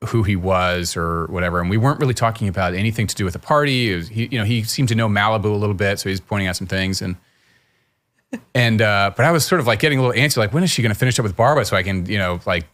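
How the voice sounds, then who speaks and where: A middle-aged man hosts a relaxed podcast conversation, talking in a slightly low voice. He tells stories in a loose, rambling way and often restarts his sentences. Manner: chatty storyteller, frequent restarts. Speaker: podcast host. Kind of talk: casual conversational interview.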